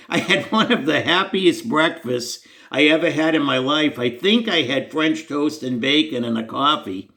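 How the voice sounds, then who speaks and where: A man's voice: on the high side, animated, unhurried, pushed and bright. A man telling a personal faith story to the camera in an earnest, conversational, self-deprecating way. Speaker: Christian storyteller.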